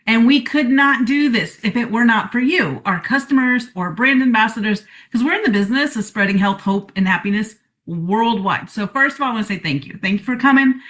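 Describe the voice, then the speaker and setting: Woman host, bright-toned, a touch high, gushing and upbeat. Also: animated, fairly quick, few pauses. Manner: upbeat, effusive. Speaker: host of a coaching call. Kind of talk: live-call hosting.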